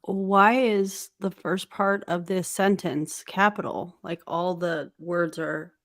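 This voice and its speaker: A woman's voice: fairly low pitch, steady tone, takes it slowly, fairly bright tone. Incredulous woman co-host. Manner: incredulous questioning. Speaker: livestream co-host. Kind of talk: casual commentary chat.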